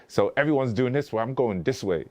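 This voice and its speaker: A podcast guest with a warm, expressive, medium-pitched voice talks casually and briskly in a conversational interview, rambling through stories. He's full of fillers and restarts and acts out the dialogue he quotes.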